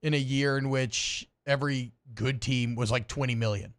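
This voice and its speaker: A man co-hosting a sports radio show, throwing in quick joking quips. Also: mid-range voice, steady tone. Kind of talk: casual sports talk.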